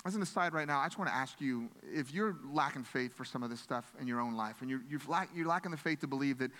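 A man's voice: medium pitch, fast, a bit bright, long reverb tail. A pastor preaching a sermon in an earnest, conversational way, often restarting his phrases.

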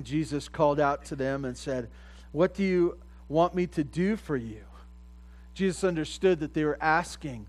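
A pastor preaching a sermon in a plain, conversational way, a man at a medium pitch. He often repeats his phrases and grows louder at the points he stresses. A low mains hum runs under the recording. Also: rough recording.

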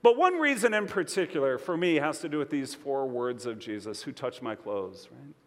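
A male pastor delivering a sermon with a fairly high voice. He shifts between quiet, drawn-out emphasis and bright bursts aimed at his listeners. A long reverb from the hall follows his words. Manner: expressive preaching with conversational asides.

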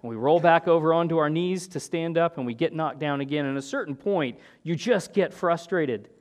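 A man's voice: a little high, a little fast. A man preaching an expository sermon in an earnest manner, often asking "right?" and restarting his phrases as he explains.

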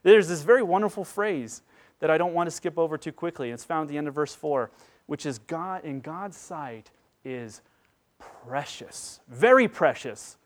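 A man in his thirties delivers a sermon in a fairly high voice. He drops to a hushed intensity, then builds to loud, emphatic preaching. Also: animated, normal speed. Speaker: pastor.

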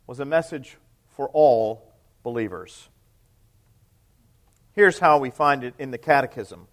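Animated yet measured, with long pauses, a priest delivers his sermon conversationally. He addresses questions to the congregation and drops to a soft, low voice at the end of quotations.

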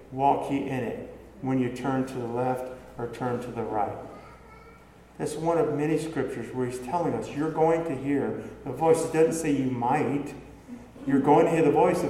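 A man's voice: mid-range voice, warm tone, a little hiss or hum. A man preaching a sermon in a conversational way, asking his congregation rhetorical questions. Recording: echoey hall with long reverb, faint ambience.

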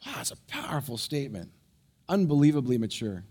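A male pastor preaches, telling a story with animated energy and then dropping soft and low to press a point. His voice has a breathy edge, with quick stumbles and restarts.

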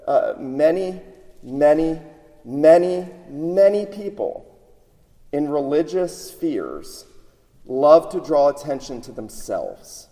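A man's voice: medium pitch, mellow. A man preaching a sermon, emphatic, often repeating words as he builds his points. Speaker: pastor. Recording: long hall reverb.

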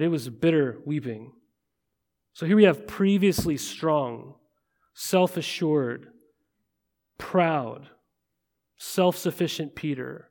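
A man preaching a sermon in a conversational way, often checking in with listeners and slowing to a hush at weighty moments. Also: on the high side. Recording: long reverb of a large hall.

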